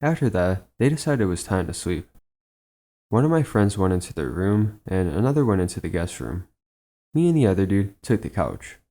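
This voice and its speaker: A man reading aloud a first-person story someone sent in, in an even, unhurried storytelling manner. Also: lowish voice. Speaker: channel narrator. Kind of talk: reading a submitted first-person trip report.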